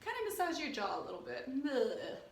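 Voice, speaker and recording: A woman choir director leading a playful vocal warm-up at home, encouraging the singers. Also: high-pitched, big pitch swings, brisk, gravelly, roomy sound, a little hiss or hum. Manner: encouraging, playful, sings example phrases. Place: home room, rain outside.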